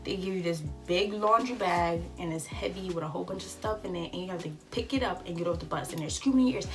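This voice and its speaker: Young woman vlogger, animated and chatty, giving advice, faint music behind. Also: lowish voice, quick pace. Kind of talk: casual storytime vlog. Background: faint background music.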